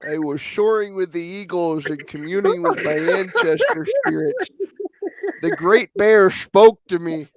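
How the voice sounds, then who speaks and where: A man voicing a slow, solemn old male storyteller, with a loud, drawn-out, mock-solemn delivery. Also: sits high, very animated, no room sound, exaggerated voice.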